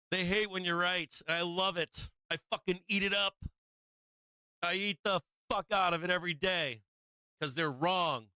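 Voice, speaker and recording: A man's voice: sits high, measured pace, bright, forceful tone, smooth, no room sound, rough recording. A man hosting a live market stream, swearing freely, laughing often and repeating himself as he walks through charts. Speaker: market livestream host.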